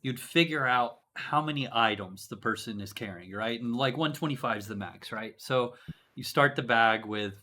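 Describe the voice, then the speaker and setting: A male podcast host with a bright, ringing voice at an ordinary pitch. He tells old gaming stories in a loose, animated chat, checking in with "right?" and "you know" as he goes. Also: normal speed, a little hiss or hum. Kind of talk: casual storytelling chat.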